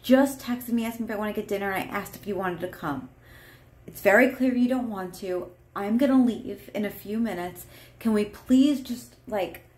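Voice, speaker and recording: A gentle partner who keeps her tone level and asks politely, as a woman acts out the scene. The voice sounds careful and apologetic. It rings a little in an echoey room. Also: medium pitch, natural voice. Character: calm, pleading partner trying to stay polite. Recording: roomy echo.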